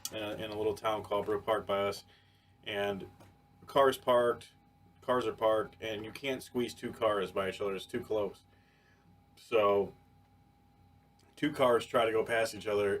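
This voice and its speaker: A man on a podcast telling a story in casual chat, animated and profane, with many restarts. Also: fairly low pitch. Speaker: podcast co-host.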